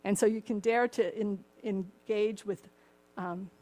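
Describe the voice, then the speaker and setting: A woman's voice: mid-range voice, steady tone, measured pace. An older woman preaching a sermon, with a slightly cracked voice and chuckling asides. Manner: warm chuckling asides, acts out the story voices.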